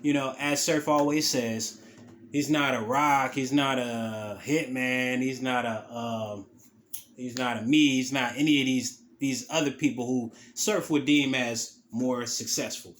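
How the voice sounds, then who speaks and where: A man talks through a recap in a relaxed, conversational way, swearing freely and stringing thoughts together as he goes. His voice sits at an ordinary middle pitch for a man. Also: unhurried, a little hiss or hum. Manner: loose, profane, conversational storytelling. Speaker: podcast host. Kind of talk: casual commentary recap.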